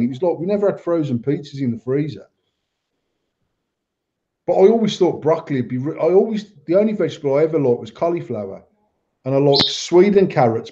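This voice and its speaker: A man's voice: on the high side, dull audio. A man with an English accent, chatting casually as a podcast host, telling stories full of swearing and quoted dialogue. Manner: swearing, storytelling, animated quoting. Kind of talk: casual banter.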